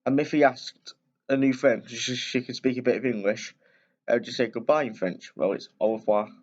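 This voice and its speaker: A man's voice: mid-range voice, steady tone, moderate pace, darkish tone, muffled recording. A man hosting a video, casually reading a picture book aloud with chatty asides and frequent self-corrections. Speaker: storyteller and video host.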